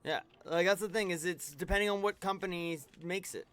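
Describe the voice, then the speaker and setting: A man's voice: high-pitched, a little fast, a bit bright. A man streaming a video game, chatting casually and rambling with many restarts and fillers. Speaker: streamer co-host. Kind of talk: casual chat while gaming.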